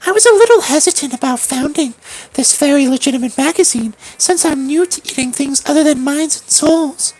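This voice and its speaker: A woman's voice: high voice, a little fast, a little mellow, soft background music, voice pushed down, lightly acted, low-quality recording. A woman voicing a perky, self-assured ghost girl with a chirpy, playful line reading, as a game character on a stream.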